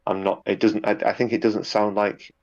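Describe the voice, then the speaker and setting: A man's voice: on the low side, little pitch movement, moderate pace, creaky, dull audio. A man chatting casually in an interview, rambling a little with repeated words and fillers. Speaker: guest, YouTube narrator.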